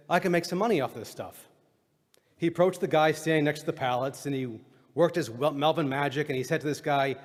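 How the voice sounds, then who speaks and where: A middle-aged man giving a eulogy for his father, telling funny stories with deadpan punchlines. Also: on the high side. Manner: wry storytelling, deadpan punchlines. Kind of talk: eulogy speech with humorous stories. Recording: reverberant hall recording.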